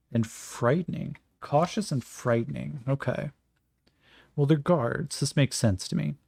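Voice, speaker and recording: A man's voice: mid-range voice, creaky, a little mellow, dry recording. A man narrating and rolling dice for his own solo tabletop game in a casual, thinking-aloud way.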